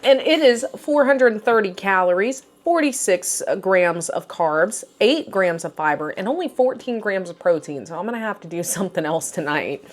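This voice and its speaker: A woman's voice: mid-range voice, lively intonation, moderate pace, hardly any pauses. A young woman chatting casually as she reviews meals and reads out their nutrition stats. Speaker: vlogger. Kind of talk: casual food review chat.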